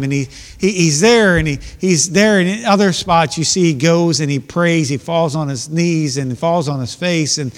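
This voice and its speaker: A man delivers a sermon, moving between slow readings of old scripture and plain explanation. He speaks earnestly, repeating words as he builds each point. His voice sits a little high and carries a long hall reverb. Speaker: preacher.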